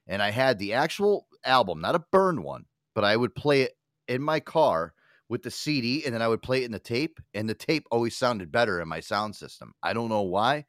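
A man's voice: medium pitch, normal speed, no echo, studio quality. A man in his thirties, a podcast host, telling stories in casual chat with lots of swearing. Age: 30s. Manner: profane, animated storytelling.

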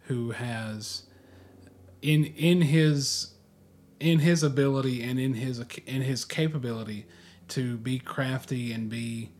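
A man co-hosting a casual podcast discussion, with a voice of ordinary middle pitch. He speaks in a measured, reflective way. He often hesitates with "uh" while he works out his point. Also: steady tone, darkish tone. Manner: thoughtful, hesitant with "uh" fillers. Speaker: podcast co-host.

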